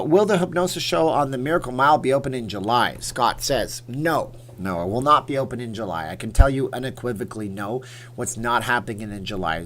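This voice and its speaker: A man's voice: on the low side, fairly bright tone, slight background noise. A man hosting a casual livestream, chatting in a rambling, opinionated way while answering viewer comments. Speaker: livestream host.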